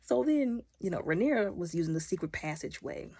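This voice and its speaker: A woman recaps a TV episode with animated, opinionated commentary and talks back to the characters. Her voice is husky and a little low. The sound is close and dry. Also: fairly quick, dry recording. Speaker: video recap host.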